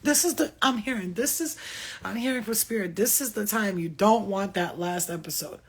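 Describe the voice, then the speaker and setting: A woman's voice: mid-range voice, normal speed, slightly rough. A woman giving a spiritual reading in a casual, blunt and profane way, laughing often as she talks. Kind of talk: casual spiritual channeling talk.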